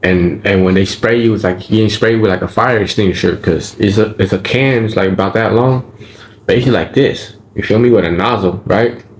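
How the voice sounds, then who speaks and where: A man's voice: lowish voice, brisk, a little hiss or hum. A man, telling the story of his time in prison in casual, profane street slang and checking in with his listener as he goes. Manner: profane street slang, frequent "right?" and "you feel me?".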